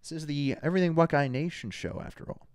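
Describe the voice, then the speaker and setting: A man hosts a live fan talk show from a studio. His voice is smooth and resonant, and his pitch swings widely as he reads out viewers' names with plenty of energy. He speaks in a fairly high register for a man. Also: fast. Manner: energetic, shouts out viewers by name. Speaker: show host. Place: studio under hot lights.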